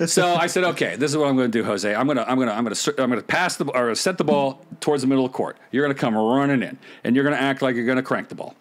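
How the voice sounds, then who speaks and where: Laughing storyteller man, middle-aged. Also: mid-range voice. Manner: animated, laughs often, acts out other people's lines. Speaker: podcast guest, former pro beach volleyball player. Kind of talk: casual storytelling.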